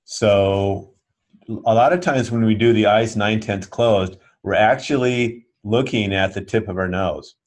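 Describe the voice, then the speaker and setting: Patient low-voiced male yoga teacher. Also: measured pace. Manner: patient, checks understanding often. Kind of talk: instructional class talk.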